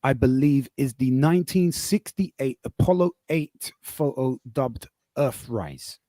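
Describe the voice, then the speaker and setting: A man's voice: mid-range voice, slow pace, mellow, no echo. A man on a live podcast call, arguing casually, swearing and reading aloud off his screen. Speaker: podcast host.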